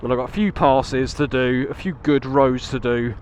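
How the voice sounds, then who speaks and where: A man's voice: mid-range voice, moderate pace, a little mellow, a little hiss or hum. Chatty man on a motorbike. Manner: chatty, laughs a lot, swears casually. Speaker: motovlogger. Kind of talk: casual chat while riding. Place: on a motorcycle outdoors on country roads.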